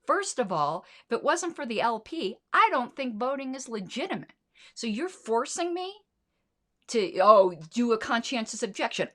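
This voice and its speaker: A woman's voice: on the high side, sing-song, normal speed, fairly bright tone. A middle-aged woman hosting a political commentary livestream, blunt, sarcastic and indignant, with plenty of swearing. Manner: sarcastic rhetorical questions.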